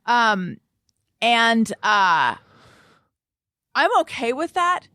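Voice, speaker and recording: A woman's voice: a little high, sing-song, very slow, pushed and bright, no echo, clean studio sound. A woman hosting a podcast, chatting casually and telling amused stories. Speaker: podcast host. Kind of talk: casual chat.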